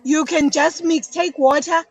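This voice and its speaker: A woman's voice: high voice, steady tone, a little slow, poor audio. A South African woman explaining detergent making as a podcast guest, chatty, often repeating words. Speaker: business guest, detergent maker. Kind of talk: casual podcast interview.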